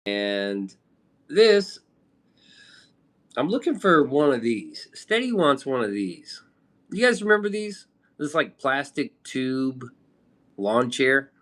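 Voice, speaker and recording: A man from the Midwest chatting away on a casual live stream. He rambles from one thing to the next, dropping slang and swear words as he goes. His voice sits at an everyday middle pitch. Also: very animated, takes it slowly, pauses often, fairly bright tone. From American Midwest.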